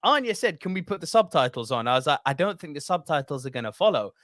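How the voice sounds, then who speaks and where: A posh English man co-hosting a podcast, his pitch sitting fairly high and swinging widely as he talks. He is theatrical and quick to laugh at himself. The sound is close and dry. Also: very animated, fairly bright tone, no room sound. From Britain. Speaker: podcast co-host. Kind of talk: casual chat.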